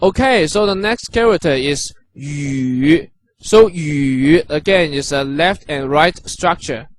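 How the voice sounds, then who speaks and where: Man, language teacher, high voice, slow, encouraging, dry close recording. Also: dry recording. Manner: patient, encouraging, repeats sounds slowly. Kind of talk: instructional narration.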